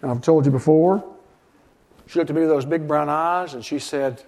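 A middle-aged man who pastors a church tells stories earnestly during his sermon in the sanctuary, frequently voicing what others once said to him. He speaks at a moderate pace, and his fairly high-pitched voice has a slightly mellow quality.

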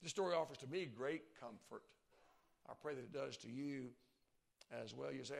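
Gravelly-voiced male preacher. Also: mid-range voice, moderate pace. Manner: emphatic, swings from soft to loud. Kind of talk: sermon.

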